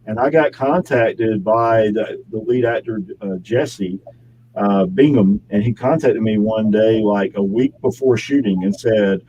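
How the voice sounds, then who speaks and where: A man's voice: fairly low pitch, a little slow, mellow, muffled recording, slight background noise. A man, an actor, chatting casually in an interview and rambling with restarts and corrections. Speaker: actor guest.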